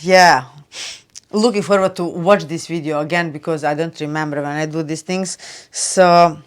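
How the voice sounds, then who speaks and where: A woman hosting a spiritual video, talking loosely and chattily with lots of "you know" and "like", turning soft and hushed for advice. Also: low-pitched, steady tone, moderate pace. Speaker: spiritual channel host. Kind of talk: casual spiritual talk to camera.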